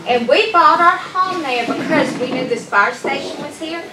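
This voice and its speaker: A woman's voice: high-pitched, expressive, normal speed. A woman resident speaking up at a public meeting, emphatic and insistent. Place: community meeting room. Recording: echoey room from far off, noisy.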